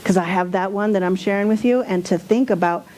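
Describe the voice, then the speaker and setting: A woman's voice: mid-range voice, brisk, darkish tone, a little hiss or hum. A woman giving a sermon as a spiritual speaker, candid and self-deprecating, sometimes mocking her own angry outbursts.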